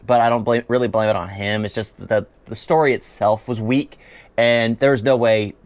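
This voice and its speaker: A man's voice: medium pitch, fairly even intonation, moderate pace, no room sound. A man giving a chatty, opinionated spoken review of a series, often laughing as he talks.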